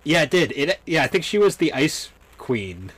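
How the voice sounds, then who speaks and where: A young adult man co-hosting a podcast, talking in a relaxed, rambling way while reminiscing. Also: fairly high pitch, moderate pace. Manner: relaxed, rambling, with fillers and restarts. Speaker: podcast co-host. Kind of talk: casual chat.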